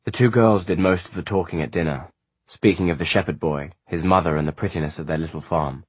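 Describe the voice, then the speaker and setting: A man narrating an audiobook in a measured, even storytelling manner. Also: low-pitched, husky, no room sound.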